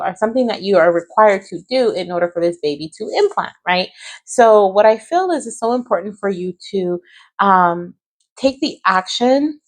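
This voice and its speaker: Woman tarot reader, soft and reassuring, speaks straight to viewers, keeps checking in with them. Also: mid-range voice. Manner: gentle, reassuring, often adds "right?" and "okay?". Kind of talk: pick-a-card tarot reading to viewers.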